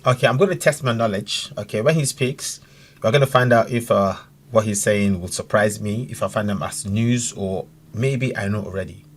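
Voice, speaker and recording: A man's voice: lowish voice, moderate pace. A young man from Nigeria, giving casual, opinionated commentary to his viewers as a reaction vlogger. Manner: animated, direct, addresses viewers as guys.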